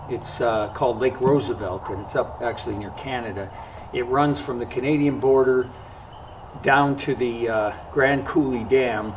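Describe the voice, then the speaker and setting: A man hosting a fishing vlog, telling a story in a casual, unhurried way with frequent pauses and fillers. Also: fairly low pitch, far from the mic, noisy background. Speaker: fishing vlogger. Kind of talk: casual spoken storytelling to camera.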